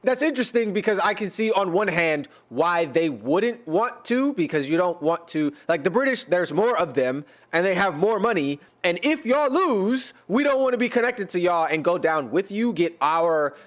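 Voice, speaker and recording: An American man with a slightly raised pitch rambles through casual reaction commentary. He jokes, trails off and restarts often, leaning on fillers as he thinks aloud. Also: big pitch swings, normal speed, few pauses. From United States. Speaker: reaction YouTuber and rapper.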